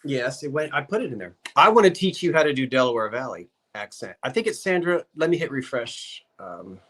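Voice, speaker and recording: A man's voice: mid-range voice, big pitch swings, a little fast, a bit bright. A man co-hosting a live online sale, chatty and explaining items. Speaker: co-host.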